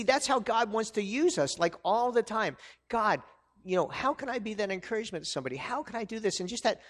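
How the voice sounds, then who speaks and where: High-voiced man preaching conversationally. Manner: conversational preaching with frequent restarts and asides. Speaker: pastor. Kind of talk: sermon.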